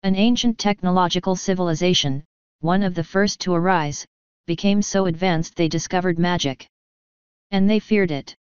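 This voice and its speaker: A woman's voice: fairly low pitch, moderate pace, a little mellow, smooth, no room sound, highs cut off, close to an everyday voice. A woman reading the part of a bedraggled female unicorn who speaks bitterly and intensely. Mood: subdued. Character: bedraggled young unicorn mare, bitter and desperate.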